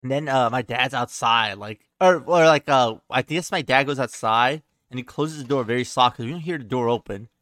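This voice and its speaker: A man's voice: medium pitch, brisk, few pauses, a bit bright, dry recording. A young man telling a childhood story in a loose, profane way on a podcast, full of "like" and "he's like". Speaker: podcast co-host. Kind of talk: casual storytelling.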